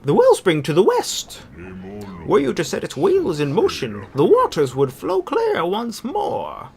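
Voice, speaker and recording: Guy reading as an old marsh guardian, squeaky and nerdy, slow and solemn, game dialogue. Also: huge pitch swings, vocal fry, darkish tone, husky, heavily acted. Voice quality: high nerdy voice.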